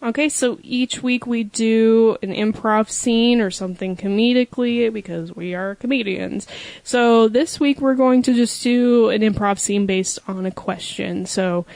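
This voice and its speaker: A woman's voice: a little high, unhurried, vocal fry, darkish tone, dry recording, faint music behind. A woman in her twenties co-hosting a podcast, telling stories in a rambling way with many fillers. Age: 20s. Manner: rambling, filler-heavy storytelling. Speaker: podcast co-host. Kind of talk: casual podcast chat.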